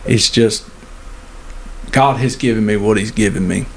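A man's voice: fairly low pitch, slight background noise. A man co-hosting a podcast, teasing and joking in casual banter. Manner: joking, teasing, drawn-out storytelling. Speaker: podcast co-host.

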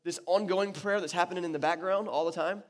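A man's voice: high-pitched, quick pace. A man preaching a sermon to his church, talking casually and with animation, often restarting his sentences. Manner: conversational and animated, with many restarts. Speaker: pastor. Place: church hall. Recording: echoey church hall.

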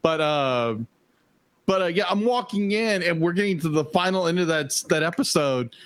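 A man's voice: a little high, normal speed, fairly bright tone, clear, resonant tone. A man co-hosting a podcast in casual chat, rambling with many fillers and laughing often. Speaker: podcast co-host.

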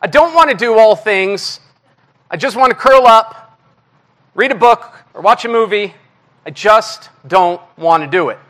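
A man giving a conversational sermon to a church congregation, candid and self-deprecating, with animated swings in his delivery. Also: sits high, unhurried. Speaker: guest preacher.

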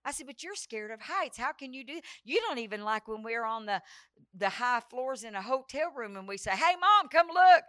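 Smooth-voiced woman preaching a revival sermon. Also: on the high side, fairly quick, a bit bright, dry recording, studio quality. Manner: dramatic, breaks into sung prayer, acts out quoted dialogue. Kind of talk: revival sermon with personal storytelling.

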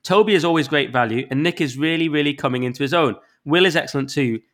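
A man's voice: fairly high pitch, fast talker. A man with a Northern English accent, a podcast co-host in casual chat, ranting about listener reviews in an exasperated, sweary way while getting over the flu. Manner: sweary, exasperated, animated rants with sudden loud spikes. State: recovering from flu.

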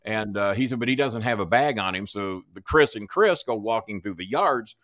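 A man's voice: fairly low pitch, expressive, moderate pace, a bit bright, dry recording, clean studio sound. Profane man spinning a wild story. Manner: profane, acts out dialogue in voices. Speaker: podcast guest. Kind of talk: animated storytelling.

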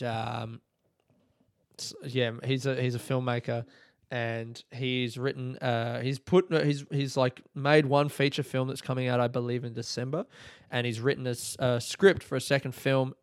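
Young guy rambling on his own podcast, cursing, laughing, smooth voice, dead dry mic. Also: mid-range voice, no echo. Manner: rambling, sweary, laughs often. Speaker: podcast host and stand-up comedian. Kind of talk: casual solo podcast monologue.

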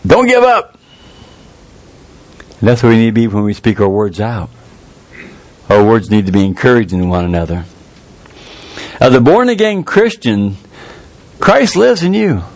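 A man preaching a sermon in a folksy, earnest way, jumping up in pitch to stress a point. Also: big pitch swings, a little mellow, no echo. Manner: folksy, earnest, with quick rises in pitch for emphasis.

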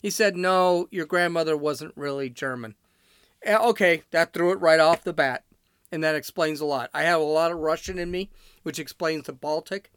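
A man's voice: on the high side, fairly even intonation, a little fast, fairly bright tone, clean tone, dry recording. A man from Chicago hosting his podcast, talking in a blunt, rambling, off-the-cuff monologue. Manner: blunt, ranting and digressive. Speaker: podcast host.

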